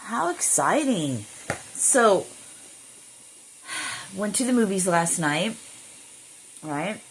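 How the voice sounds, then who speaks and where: Speaking very slowly at a medium pitch, a middle-aged woman records a casual vlog on her phone camera, expressive and audibly annoyed. Blunt and freely profane, she mutters to herself, and the rough recording carries a little hiss or hum.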